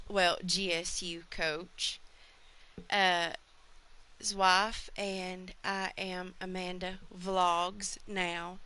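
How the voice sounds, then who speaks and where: A woman, the host's wife, giving a heartfelt spoken message, emotional and slow with many fillers. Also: mid-range voice, bright, forceful tone.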